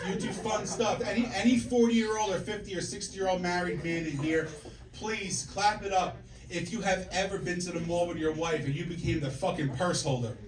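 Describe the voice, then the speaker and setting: A man's voice: high voice, a little fast, a crowd in the background. A man in his forties doing a brash, profane stand-up comedy set, telling punchy stories to the audience on a comedy club stage. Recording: echoey club from a distance, audience laughter. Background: audience laughing.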